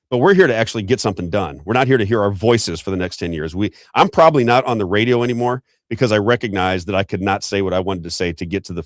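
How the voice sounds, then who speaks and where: A man hosting a show of political commentary, talking excitedly and rambling with restarts. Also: fairly low pitch, no echo, clean studio sound. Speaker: show host.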